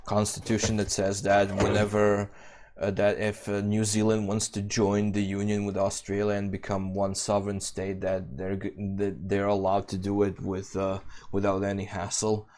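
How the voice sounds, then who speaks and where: Casual profane man, low voice. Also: completely flat delivery, moderate pace. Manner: profane, talks over others, loud bursts. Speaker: podcast co-host. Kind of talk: casual chat.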